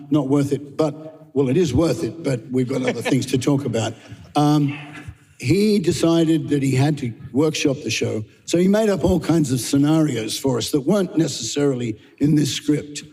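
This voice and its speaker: A man's voice: medium pitch, warm tone, husky, long reverb tail. An older man from Australia, a guest actor chatting through anecdotes and chuckling as he goes. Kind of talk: casual anecdote telling.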